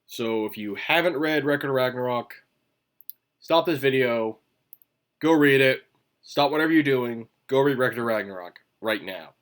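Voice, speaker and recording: A man's voice: medium pitch, moderate pace, fairly bright tone. A man hosting a casual solo commentary video, rambling and chewing gum as he talks, with sudden emphatic bursts. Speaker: manga commentary video host.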